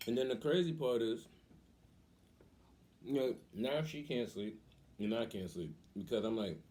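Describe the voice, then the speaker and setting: A young man hosting a vlog, telling a casual story in an animated way and acting out the voices of the people in it. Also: mid-range voice, unhurried. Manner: animated, acts out quoted voices. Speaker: vlog host.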